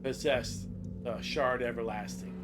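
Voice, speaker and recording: A man doing a booming fiery herald. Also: fairly even intonation, over music, natural voice. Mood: solemn. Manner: loud, booming, slow and solemn. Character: herald of fire, solemn fiery being.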